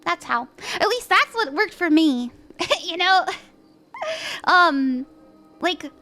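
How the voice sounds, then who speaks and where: Woman, high voice, tarot reader on a livestream, casual and chatty, laughs often, faint music behind. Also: sharp tone. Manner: chatty, upbeat, full of "like" and "you know", laughs often. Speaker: tarot reader and stream host.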